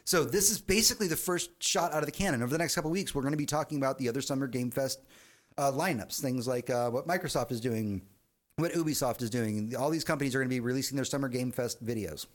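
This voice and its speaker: A man hosting a casual gaming podcast, excitable, laughing often and swearing freely. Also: medium pitch, fast talker. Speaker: podcast host.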